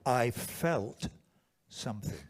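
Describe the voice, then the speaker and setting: A weary, philosophical Frenchman speaks in a low, breathy near-whisper, as an older man puts him on, with a put-on French accent. He lets long pauses hang between his words. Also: big pitch swings. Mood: musing.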